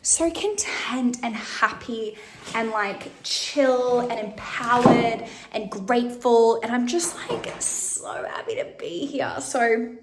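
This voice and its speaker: A young Australian woman with a slightly high voice vlogs casually on her phone while walking home outdoors at night, chatty and bubbly in this travel vlog. She sounds a bit stuffy with a runny nose, and there's slight background noise.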